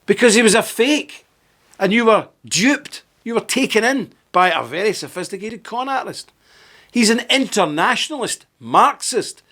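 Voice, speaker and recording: A man with a fairly high speaking voice delivers a political commentary monologue as host. He sounds indignant and emphatic and keeps asking rhetorical questions. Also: lively intonation, normal speed, bright, forceful tone.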